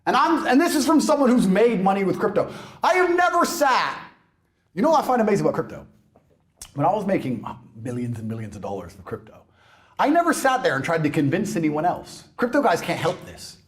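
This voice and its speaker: A man in a heated interview, ranting in a brash, mocking way, swinging between loud outbursts and low mutters. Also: huge pitch swings, brisk. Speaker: interview guest. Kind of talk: heated rant.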